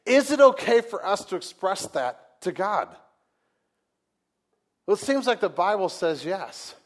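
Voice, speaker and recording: Chatty, higher-voiced male pastor preaching. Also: very animated, unhurried. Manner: conversational, rhetorical questions to the congregation; folksy, humorous asides. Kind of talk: sermon.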